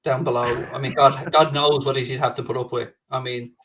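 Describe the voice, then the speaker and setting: A man's voice: mid-range voice, flat delivery, fairly quick, background noise. A man co-hosting a casual football podcast, teasing the others and laughing. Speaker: podcast co-host.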